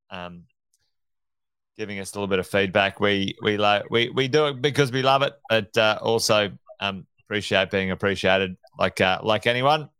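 A man's voice: fairly low pitch, pushed and bright, smooth, no room sound. A man co-hosting a podcast, chatting casually in a friendly, hesitant way with lots of fillers. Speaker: co-host.

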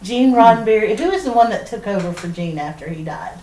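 A middle-aged woman with a Southern US accent, co-hosting a podcast and telling a lively story with frequent laughter. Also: medium pitch, brisk. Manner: animated storyteller, laughs often mid-sentence. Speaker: podcast co-host. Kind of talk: casual storytelling chat. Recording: roomy sound from a distant mic.

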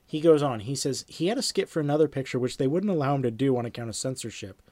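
Male lecturer, lively anecdote reader, middle pitch, dry room. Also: fast, no room sound. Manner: animated storyteller, acts out sound effects, repeats himself. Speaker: screenwriting teacher. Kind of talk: lecture reading anecdotes aloud.

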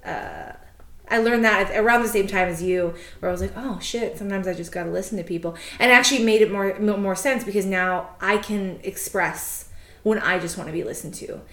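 A woman's voice: mid-range voice, normal speed, fairly bright tone, reverberant. A woman co-hosting a podcast in casual chat, speaking candidly with fillers and some swearing. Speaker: podcast co-host.

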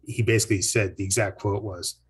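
A man with a fairly low, husky voice tells local history and folklore in a loose, conversational way. He wanders, backtracks and corrects himself mid-sentence, and chuckles between points. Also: steady tone, a little fast. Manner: rambling, self-correcting, chuckles often. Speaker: historian and teacher. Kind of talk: casual interview storytelling.

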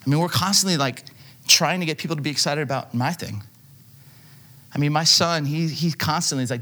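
A pastor preaches a sermon loosely and conversationally, telling self-deprecating stories on himself with plenty of fillers. His voice is on the high side, brisk and sharp.

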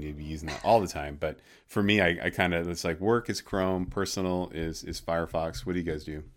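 A man's voice: deep voice, steady tone, moderate pace, hardly any pauses. A man co-hosting a podcast, talking hesitantly with many restarts. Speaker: podcast co-host. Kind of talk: casual tech chat.

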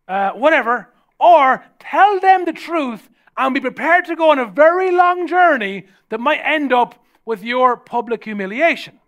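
High-voiced Irish pastor. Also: male voice, animated, moderate pace, fairly bright tone. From Ireland. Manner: storytelling, humorous, conversational. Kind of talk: sermon.

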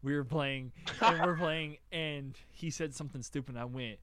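A young man co-hosting a podcast, telling animated stories with swearing and frequent laughter in casual chat. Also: fairly high pitch, normal speed, very noisy. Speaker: podcast co-host.

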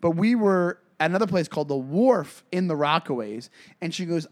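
A man's voice: fairly high pitch, animated, fairly quick. A man co-hosting a casual comedy podcast, telling rambling stories with lots of restarts and self-corrections. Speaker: podcast co-host.

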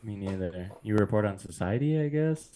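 Tiefe Männerstimme, lockerer Film-Podcast. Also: male voice, lowish voice, expressive, normal speed, dark tone. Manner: reads plot summary, laughs often. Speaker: podcast host. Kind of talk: casual movie recap chat.

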